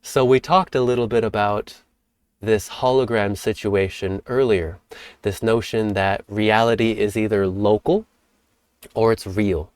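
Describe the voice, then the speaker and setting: A man hosting a spiritual teaching talk, speaking in a calm, reflective way and sometimes acting out playful examples. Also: fairly low pitch, a little slow, clear, resonant tone, no room sound. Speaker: host.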